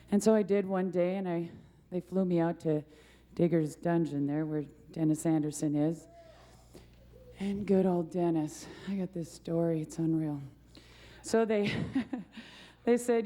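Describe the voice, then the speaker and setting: A woman's voice: on the low side, unhurried, warm tone. A young woman, a monster truck driver, giving a rambling, laughing award acceptance speech full of self-deprecating stories.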